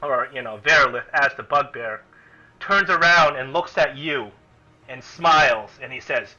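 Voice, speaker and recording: A man's voice: medium pitch, measured pace, bright, forceful tone, soft background music. A man narrating a tabletop game as game master, thinking aloud and restarting sentences, in a dull lo-fi recording.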